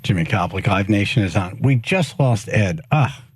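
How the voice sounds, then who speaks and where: A man's voice: on the low side, lively intonation, breathy edge, dry recording. A man hosting a morning radio show, joking and tossing questions to a guest. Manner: joking, quick interjections. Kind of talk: casual radio chat.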